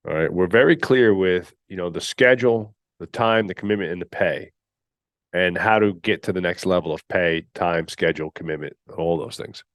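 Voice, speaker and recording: A man's voice: sits low, moderate pace, no echo, studio quality. A man hosting a podcast, giving a blunt, emphatic solo coaching talk that he keeps punctuating with "all right.". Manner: mocks candidates in put-on whiny voices. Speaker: podcast host and gym owner.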